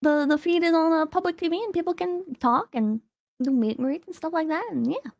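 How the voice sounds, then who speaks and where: A woman's voice: very high-pitched, brisk, no room sound, studio quality. A young woman guest on a podcast, laid-back and teasing, with lots of "like" in her speech. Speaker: guest, VTuber. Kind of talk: casual chat.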